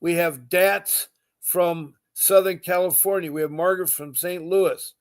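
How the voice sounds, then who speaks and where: Guy hosting a live podcast, kinda high voice, earnest and emotional, repeats himself a lot. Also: fairly even intonation, unhurried. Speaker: podcast host. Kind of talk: live podcast talk with viewers.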